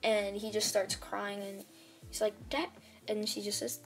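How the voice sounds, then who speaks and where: A woman's voice: mid-range voice, little pitch movement, normal speed, faint music behind. A woman casually retelling a fan story, rambling and hesitant, with many restarts and "like"s.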